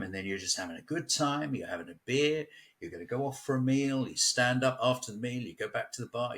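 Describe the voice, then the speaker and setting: This English man speaks at a medium pitch with a sharp tone, chatting casually as a local guest at home near a village. He tells stories and often breaks into laughter.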